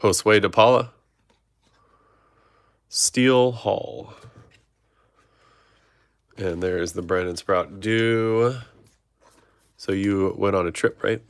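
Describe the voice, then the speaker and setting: A man's voice: fairly low pitch, slow pace, long pauses, clear, resonant tone, no room sound. A man hosting a trading card break, reading off player names and chatting with viewers. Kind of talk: live card-opening stream chat.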